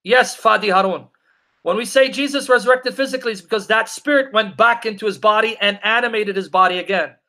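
A man's voice: high-pitched, pushed and bright. A man teaching the Bible on a live Q&A stream, reading scripture aloud and answering viewer comments, emphatic and repeating his questions to drive each point home. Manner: reads scripture aloud in a slow, deliberate cadence.

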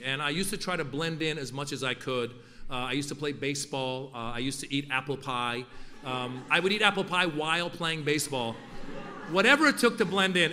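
A man's voice: a little high, bright, forceful tone. A man from Iran, raised in Northern California, doing stand-up as an event host with playful, punchy delivery. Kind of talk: stand-up comedy at a formal event. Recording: echoey hall with faint noise.

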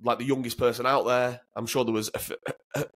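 Speaking quickly with a flat delivery, a former commando from Northern England tells blunt, expletive-laced stories as a guest in an easygoing interview. His voice is medium-pitched and a little bright, and he often doubles up words when starting out.

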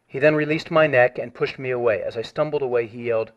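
A man reads his complaint aloud in a formal, measured way and grows insistent when challenged. The audio is dull and lo-fi. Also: medium pitch. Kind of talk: reading a complaint over the phone.

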